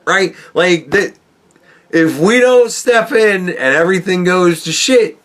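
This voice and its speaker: A man's voice: high voice, slow, fairly bright tone. A man hosting a podcast, ranting casually with rambling, profane asides and frequent chuckles. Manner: rambling, swearing, chuckling often. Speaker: podcast host.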